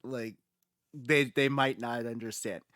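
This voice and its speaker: A man's voice: mid-range voice, fairly even intonation, slow, a bit bright, dry recording, clean studio sound. A man hosting a gaming podcast in casual chat, laughing often and repeating words as he gathers his thoughts. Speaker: podcast host.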